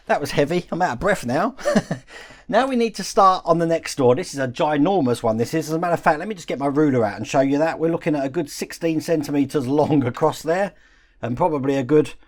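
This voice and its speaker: A man walks through a model-building tutorial one step at a time, talking while he works with his hands. His voice sits a little higher than most men's. The delivery is calm and explanatory. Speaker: model-building channel host.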